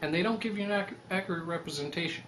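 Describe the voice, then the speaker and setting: A young man talking in a rambling, animated casual monologue, swearing freely and pitching his website idea. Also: rapid-fire, a little hiss or hum. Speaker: website creator.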